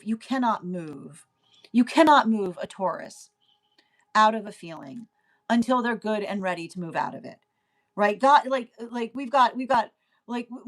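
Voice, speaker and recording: A young woman talks through a tarot reading in a loose, chatty way. She keeps asking "right?" and breaks into laughter again and again. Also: on the high side. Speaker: tarot reader. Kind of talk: casual tarot reading monologue.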